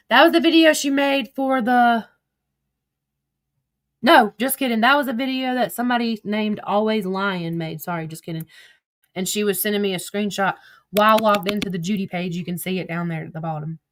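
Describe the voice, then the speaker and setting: A woman's voice: mid-range voice, fairly even intonation, a little fast. A woman talking casually as she reads her text messages aloud. She is chatty and profane, laughs often and wanders off topic. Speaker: commentator.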